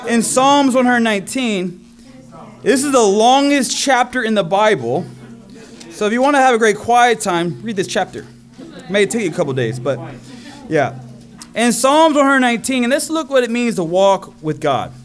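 High-voiced energetic young preacher. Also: male voice, normal speed. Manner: energetic storytelling, acts out crowd voices. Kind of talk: sermon.

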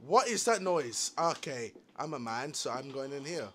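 A young man commentating live gameplay, loud and panicky, swearing and yelling as he plays. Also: medium pitch, expressive, moderate pace. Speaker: gaming video host.

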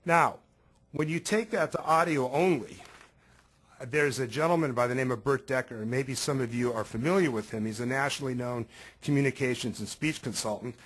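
A man hosting a webinar, presenting figures in a measured, presenter-like way before handing off to his co-presenter. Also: mid-range voice, a bit bright, slightly rough, rough recording. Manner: measured presenter citing statistics. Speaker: webinar host. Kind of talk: instructional webinar talk. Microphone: professional microphone.

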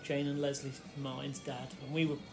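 In his kitchen, with a radio playing faintly, a middle-aged Fenland man shares a meandering story from his childhood for his vlog. His medium-pitched voice stays fairly flat at a normal speed, and he keeps cutting himself off.

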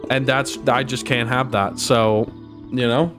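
A young man streaming a game in a goofy, playful way, trash-talking the monsters and chatting to his viewers. His voice sits at an ordinary middle pitch. Music plays clearly behind him. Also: animated, moderate pace. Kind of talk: casual gameplay commentary.

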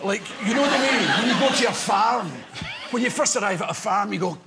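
A man's voice: sits high, a little fast, crowd noise. An older man with a Scottish accent, a chat show guest telling comic stories in a rambling, wry way, heard on a noisy television broadcast. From Scotland. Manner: rambling, wry, breaks into laughter. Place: television studio.

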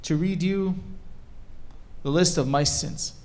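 A man's voice: a little high, slow, voice pushed up. A man voicing a humble old shoemaker bargaining with God. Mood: solemn. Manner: loud, declaiming, solemn listing.

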